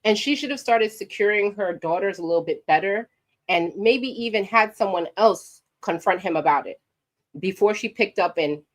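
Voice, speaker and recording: A sassy woman from New York shares her opinions in a medium-pitched voice at a normal speed. As a commentary vlogger talking to camera, she's animated and direct, addressing her viewers head-on.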